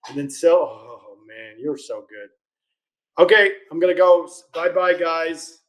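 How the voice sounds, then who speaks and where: A man's voice: fairly high pitch, animated, unhurried, a bit bright. A man hosting a live question-and-answer stream, reading viewer questions aloud in a casual, chatty way and laughing often. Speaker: host of a live legal Q&A stream.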